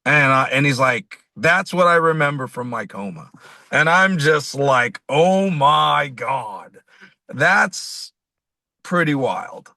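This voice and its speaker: This musician guest, interviewed in a dry recording, speaks slowly in a mid-range male voice. He's animated as he rambles through a story, acting out the quoted dialogue along the way.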